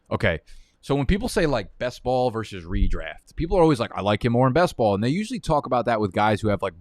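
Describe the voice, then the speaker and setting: A man with a lowish voice hosts a live fantasy football draft stream, heated, profane and rambling. The recording is dry and studio-clean.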